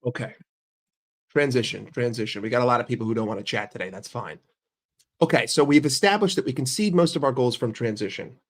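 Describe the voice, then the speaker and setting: Young male streamer, mid-pitch, swears constantly, argues with his chat. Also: quick pace. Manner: profane, heated and argumentative; questions the chat directly. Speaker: football streamer. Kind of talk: livestream football rant.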